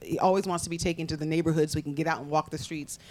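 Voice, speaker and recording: A woman as an interview guest, telling family stories in an animated way and laughing often. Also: low-pitched. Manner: quick, animated storytelling with frequent laughs. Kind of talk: casual interview chat.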